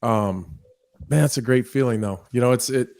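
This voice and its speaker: A man's voice: medium pitch, normal speed, a little mellow, no echo, clean studio sound. A man from Nebraska co-hosting an interview, laid-back and loose-tongued, swearing casually between fillers. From Nebraska, USA. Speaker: co-host.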